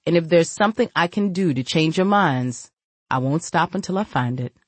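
A woman's voice: low voice, animated, normal speed, slightly rough, dry recording. Woman playing a cold, menacing crime boss. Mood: smooth.

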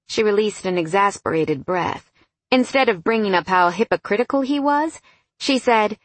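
A woman reading a novel aloud in an even, storytelling narration. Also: medium pitch, normal speed, no echo. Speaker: audiobook narrator. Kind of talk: scripted narration.

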